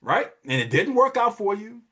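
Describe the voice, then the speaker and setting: A man's voice: sits high, very animated, normal speed, a bit bright. A middle-aged man hosting a wealth podcast, giving emphatic, preachy motivational money talk and repeating phrases for effect. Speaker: wealth advisor and podcast host.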